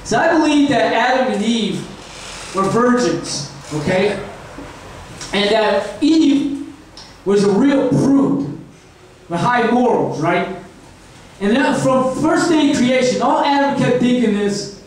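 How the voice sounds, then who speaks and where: A man's voice: very high voice, animated, slow, long pauses. A man doing crude, rambling stand-up comedy, checking in with the crowd with a constant "right?". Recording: echoey room from far off, faint noise.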